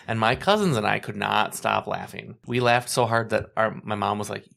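Gravelly woman telling an animated story. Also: rumbling low, normal speed. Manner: animated storyteller acting out quotes. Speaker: podcast co-host. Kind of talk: casual chat.

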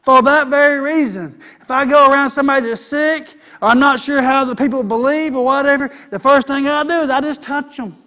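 Brief: male preacher, very high voice, folksy sermon delivery. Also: steady tone, fairly quick, hardly any pauses, sharp tone. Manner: folksy, conversational preaching with vernacular.

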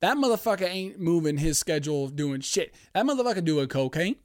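Brief: rambling male podcast host with a slightly high, clear voice, swears often. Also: a little fast, no echo, studio quality. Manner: profane, animated, rambling. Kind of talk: casual solo podcast rant.

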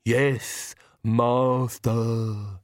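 A man's voice: medium pitch, level tone, very slow, no echo, clean studio sound. A man voicing an obsequious male castle servant with a lisp in an audiobook. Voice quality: lisping.

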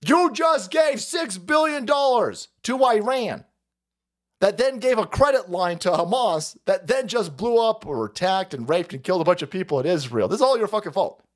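A man hosts his own livestream, tearing into the news in a foul-mouthed, mocking rant. His voice sits a little high and swings widely up and down as he laughs his way through it. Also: expressive, normal speed. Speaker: livestream host. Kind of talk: profane political rant on a livestream.

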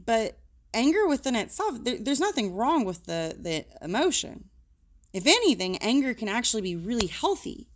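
A woman's voice: on the high side, big pitch swings, moderate pace. A woman working as a social worker, talking frankly and casually about emotions, with the odd swear word.

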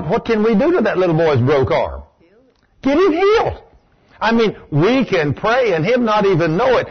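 A man preaching to a congregation in a folksy, storytelling way. His voice sits fairly high and sounds a little husky, sinking low and quiet for quotes and rising sharply when he exclaims. The recording is dull and lo-fi. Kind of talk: sermon with storytelling.

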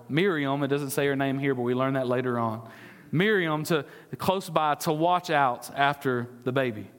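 Pastor, male, earnest preacher with a fairly high voice, questioning his congregation, some stammered restarts, recorded in an echoey church hall. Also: a bit bright. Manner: earnest, asks the congregation questions, stumbles and repeats words. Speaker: discipleship pastor. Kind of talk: sermon. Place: church sanctuary.

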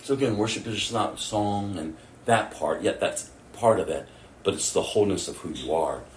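A man's voice: low-pitched, normal speed, a little hiss or hum. A man preaching a sermon, telling stories and acting out his own prayers and other people's words. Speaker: pastor. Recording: echoey room, mic at a distance.

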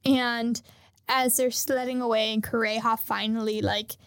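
A woman's voice: a little high, flat delivery, measured pace, a bit bright, dry recording, studio quality. A young adult woman hosting a podcast, animatedly retelling an anime story in casual chat, swearing and laughing as she goes.

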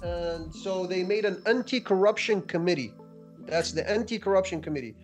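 A man from Iraq, a physician guest, telling stories in an animated, wry podcast chat. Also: high-pitched, normal speed, soft background music. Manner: animated storyteller with wry humor. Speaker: guest, physician and anatomy teacher.

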